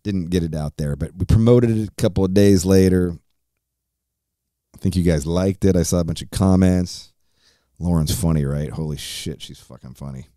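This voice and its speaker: A man's voice: deep voice, normal speed, warm tone, no echo, studio quality. A man in his forties hosting his own podcast, chatting casually in a rambling, profane way and laughing often. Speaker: podcast host. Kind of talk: casual solo podcast chat.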